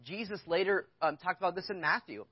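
A man preaching a sermon with a slightly raised pitch, casual and candid, talking straight to his congregation. The sound is dull and lo-fi, and very dry. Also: a little fast, slightly rough, no echo. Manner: candid, conversational storytelling, addressing the congregation with questions. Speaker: pastor. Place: church.

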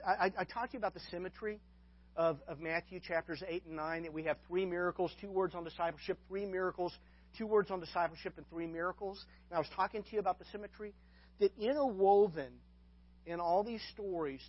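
A man's voice: high voice, dull audio. A man preaching a sermon as pastor, often restarting and repeating words, with folksy asides to his congregation.

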